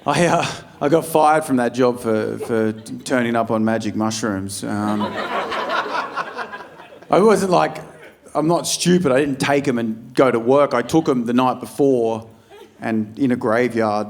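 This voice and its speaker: Swearing Australian stand-up comedian. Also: male voice, mid-range voice, unhurried. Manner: loose, swearing storyteller acting out scenes. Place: comedy club stage. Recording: live room with a laughing crowd.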